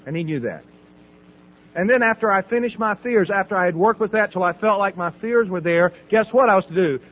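A middle-aged Southern American man gives a personal testimony about his recovery, playing out conversations and laughing often. He talks briskly in a high voice. The sound is tinny and phone-like, with a little background noise.

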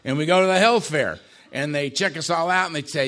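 A man telling his own life story in a casual, conversational way, with dark humor and frequent tag questions. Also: fairly high pitch, fast talker. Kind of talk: personal testimony talk.

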